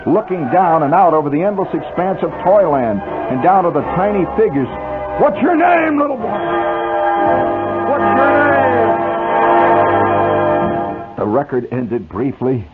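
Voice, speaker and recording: A man's voice: medium pitch, lively intonation, normal speed, hardly any pauses, over loud music. A man reading his own story aloud on the radio in a wry, vivid, mock-dramatic style, on a tinny old aircheck.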